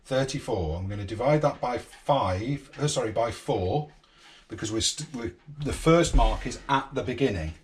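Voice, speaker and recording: A man's voice: mid-range voice, lively intonation, normal speed, slight background noise. Man explaining repairs step by step. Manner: patient, step-by-step instructive. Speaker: vlog host teaching his son a repair. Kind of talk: hands-on DIY explanation. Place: outdoors at a boatyard in light rain.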